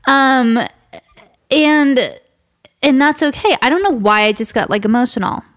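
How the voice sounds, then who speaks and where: This is a woman with a fairly high voice who hosts a candid, conversational podcast. She talks openly and confessionally and leans on "like" as a filler. The sound is dry and close, with no room echo. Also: a little slow, a bit bright. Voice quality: frequent "like" fillers, open and confessional. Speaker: podcast host.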